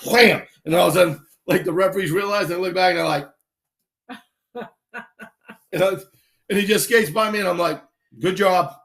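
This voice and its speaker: A man spins casual stories on a live stream, his voice sitting a little high for a man. He keeps the pace loose and acts out other people's lines as he goes. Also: normal speed, long pauses. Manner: animated anecdotes, acts out voices and shouts. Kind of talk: casual storytelling.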